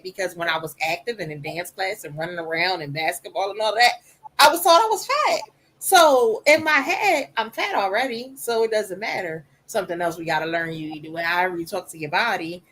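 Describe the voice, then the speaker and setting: A woman speaking candidly on a podcast about her own life, emphatic and animated, with a soft voice. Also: on the low side, a little fast, poor audio. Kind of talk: candid personal storytelling.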